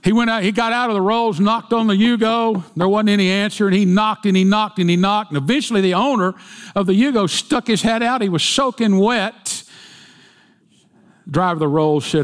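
A preacher with a fairly high voice, telling folksy stories and jokes in his sermon. His voice carries a long reverb from a church hall. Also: normal speed. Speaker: pastor.

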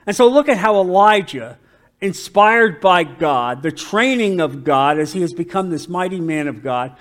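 A man preaching a sermon as pastor, emphatic, moving between loud declarations and quiet asides. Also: fairly high pitch.

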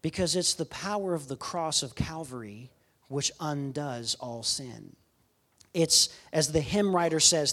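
A young man giving a sermon as a guest preacher, telling a story with animated shifts into quoted voices. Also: fairly high pitch, measured pace.

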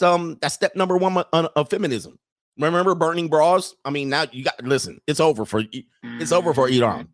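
A man's voice: on the high side, a bit bright, dry recording, clean studio sound. A man hosting a livestream in casual chat, rambling and laughing often as he reads out viewer messages.

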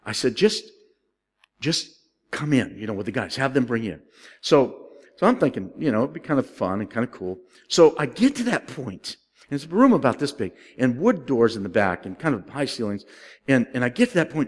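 Animated male preacher in a reverberant hall. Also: mid-range voice, brisk. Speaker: pastor. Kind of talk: sermon with storytelling.

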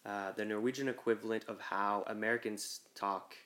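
A man talking as a guest on a podcast, telling things in a relaxed, amused way. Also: on the low side, normal speed. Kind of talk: casual chat.

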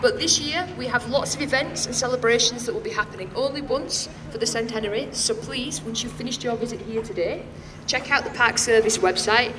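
A woman's voice: a little high, a little fast. A woman working as a park ranger, speaking upbeat to a group of visitors and asking them questions. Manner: upbeat, asks the crowd questions. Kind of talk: speaking to a crowd. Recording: distant and noisy field recording.

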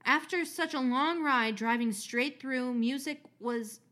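A woman with a slightly high voice reads a story aloud on a podcast. She keeps it casual and chatty, swears freely and laughs at her own asides. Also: a little slow, a bit bright.

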